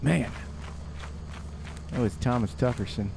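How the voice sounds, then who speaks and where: A young man hosting a co-op horror game playthrough, excitable and jokey, pleading and yelping when scared and boasting when he survives. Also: mid-range voice, a little slow, vocal fry, noisy background. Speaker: let's play host. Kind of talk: casual gameplay commentary.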